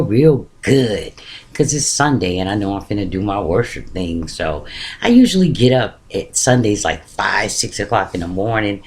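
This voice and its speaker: A man telling a personal story in a casual, colloquial way, with big swings in pitch for emphasis.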